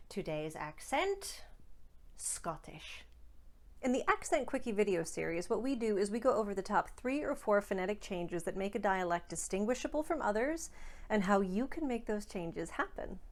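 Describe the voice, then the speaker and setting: A woman speech coach hosting a scripted accent tutorial, enunciating sample words crisply and deliberately. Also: mid-range voice, animated.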